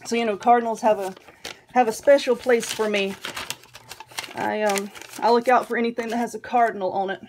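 A woman's voice: fairly high pitch, steady tone, brisk, long pauses, noisy background. A woman with a Southern US accent, chatting casually and rambling while showing her mail, often giggling. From Southern United States. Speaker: vlogger.

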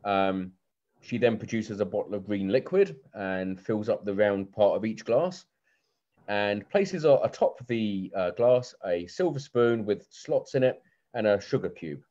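A man with a fairly low voice runs a tabletop game as game master. He narrates in a loose, chatty way, with frequent ums and restarts. The audio is muffled and lo-fi, like a video call. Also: lively intonation, unhurried, a little mellow.

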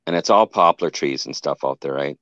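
A man's voice: extremely low pitch, fairly quick, a bit bright, no echo, highs cut off. A man telling his own encounter story in a casual, rambling way, often stopping to correct himself. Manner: rambling, restarts and self-corrections.

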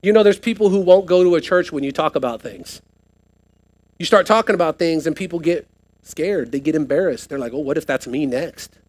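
A pastor preaches to his congregation with a high-pitched voice. He keeps asking the room questions and drives each point home with rising emphasis. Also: expressive, brisk, a little mellow. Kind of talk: sermon. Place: church sanctuary, live service.

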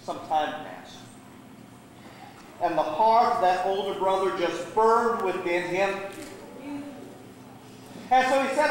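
A man's voice: sits high, animated, measured pace, long pauses, far from the mic, slight background noise. A man, a guest preacher, telling a sermon story with dramatic, varied delivery in a church sanctuary. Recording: echoey church hall.

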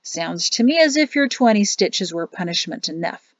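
A woman reading as a sly, fatherly old general in a storybook, measured and formal in his speech. The recording is dull and lo-fi, with a close, dry sound. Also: mid-range voice, lively intonation, no room sound. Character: older male high general, sly and fatherly.

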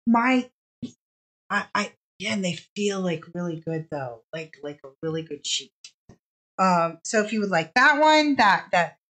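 A woman's voice: on the low side, expressive, moderate pace, fairly bright tone, rough recording. A woman hosting a live-streamed fabric sale, chatting casually, gushing over the fabrics and apologizing often.

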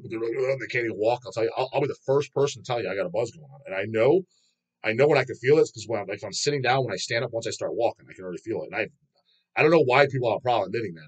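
A man's voice: medium pitch, racing, breathy edge. A man hosting his own channel, reading viewer comments aloud and answering them in a rambling, profane way, laughing often. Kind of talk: casual chat.

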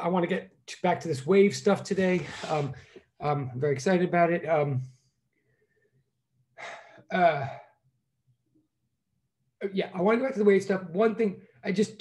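A man's voice: sits high, a little mellow. A man teaching a physics class online, rambling with lots of fillers and corny jokes between greetings to students. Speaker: physics professor. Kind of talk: casual online lecture.

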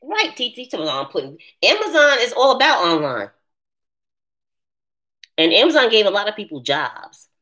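Animated woman chatting live with viewers. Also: mid-range voice, moderate pace, long pauses. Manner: animated, laughing, talks back to chat comments. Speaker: live stream host. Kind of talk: casual live chat with viewers.

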